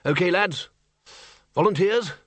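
A man's voice: high voice, measured pace, dry recording, pitched above the performer's own voice. A man voicing a pompous, blustering male Arch-Chancellor of a wizard university in a storybook reading. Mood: bluff.

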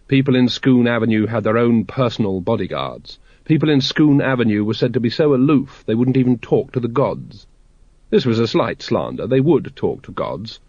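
A man's voice: medium pitch, a little mellow, no room sound, lo-fi sound. Man narrating a story, dry sound. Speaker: audiobook narrator. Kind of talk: scripted narration.

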